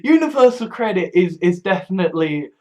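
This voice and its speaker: A man's voice: high voice, big pitch swings, fairly quick. A man in a casual rambling monologue, stumbling over restarts, swearing freely and laughing wryly at himself. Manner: wry, laughs often. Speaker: vlogger.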